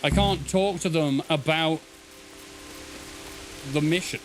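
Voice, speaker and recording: A man's voice: a little high, takes it slowly, a little hiss or hum. A man streaming a video game, chatting casually, joking and swearing as he calls out to the characters. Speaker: gaming streamer. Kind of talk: casual let's-play commentary.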